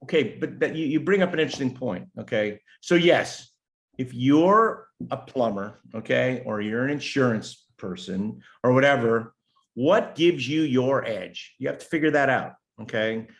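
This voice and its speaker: Middle-aged American man, guest strategist, animated, joking, loose filler-heavy chat. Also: mid-range voice, normal speed. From United States. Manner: animated, jokey, many fillers and restarts. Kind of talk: casual interview chat.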